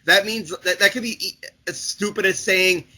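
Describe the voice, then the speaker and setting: A young man co-hosting a casual chat show, talking in halting, rambling bursts full of restarts and fillers. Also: sits high, steady tone, sharp tone. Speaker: podcast co-host.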